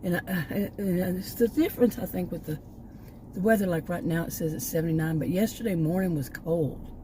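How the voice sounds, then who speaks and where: Older lady rambling on her vlog, kinda breathless, low voice, little bit of hiss. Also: fairly quick, dark tone, rough recording. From Texas, United States. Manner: rambling, with many restarts and asides. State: short of breath, voice going. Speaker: vlogger. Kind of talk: casual personal vlog talk.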